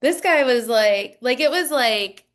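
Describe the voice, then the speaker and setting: A woman's voice: on the high side, lively intonation, unhurried. A woman co-hosting a podcast, telling stories in a casual chat full of fillers like "like" and "um". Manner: chatty storytelling with many fillers. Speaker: podcast co-host.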